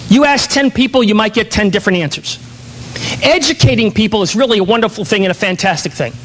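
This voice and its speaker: A man with a rather high voice delivers a motivational keynote to a conference audience. He speaks emphatically and asks many rhetorical questions. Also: fast, fairly bright tone, slight background noise, poor audio. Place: conference hall.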